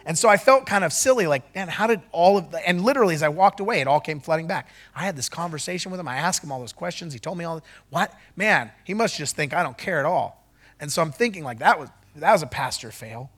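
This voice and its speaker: A man preaching a sermon as a pastor, moving from loud declarations to quick, chatty storytelling in front of a church congregation. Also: a little high, lively intonation. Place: church service before a congregation.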